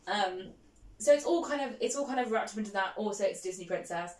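A woman with a Black Country accent chats as a podcast guest, her stories rushing out quickly and full of feeling. She laughs easily and keeps a bubbly, lively manner. Her voice has a roomy echo around it. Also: medium pitch. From Black Country, England. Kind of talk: casual chat.

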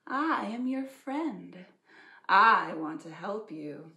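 Woman doing a sly male fox, storybook, coaxing and falsely friendly, slow, echoey room. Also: mid-range voice, expressive, pushed and bright, heavily acted.

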